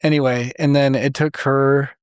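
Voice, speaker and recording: A man from Idaho, a podcast guest, telling a personal story in a casual, animated way with many fillers and acted-out quotes. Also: medium pitch, normal speed, smooth, dry recording, studio quality. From Idaho, USA.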